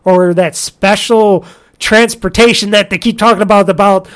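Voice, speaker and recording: A speaker rants in casual conversation at an ordinary, middle pitch. They curse freely, laugh often, and slip into quick impressions of what others said. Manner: ranting, profane, quick to laugh, acts out what people said. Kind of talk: casual chat.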